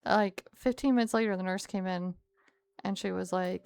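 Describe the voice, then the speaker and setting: A young woman streamer telling a story to her chat in a casual, animated way with frequent laughs. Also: medium pitch, moderate pace, gravelly, smooth.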